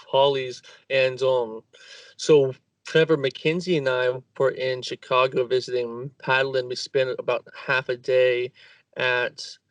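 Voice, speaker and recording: Slow-talking man, distant dry mic. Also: medium pitch, dry recording. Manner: slow, searching, stumbles over words. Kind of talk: casual conversation about architecture.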